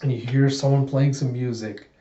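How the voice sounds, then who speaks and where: A man's voice: mid-range voice, echoey room, highs cut off. Casual man reading a comic aloud. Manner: animated, jumps into quick character voices. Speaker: comic book reader. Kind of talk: casual comic readthrough narration.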